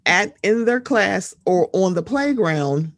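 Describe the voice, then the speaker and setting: A woman hosting a casual podcast chat, talking in a blunt, animated, often profane way and reading out news items. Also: mid-range voice, takes it slowly, dry recording, studio quality. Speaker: podcast host.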